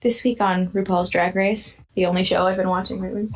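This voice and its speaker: A woman co-hosting a podcast in casual chat, talkative and quick to laugh, getting loud and animated when she quotes people. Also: mid-range voice. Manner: chatty, laughs often, animated when quoting others. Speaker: podcast co-host.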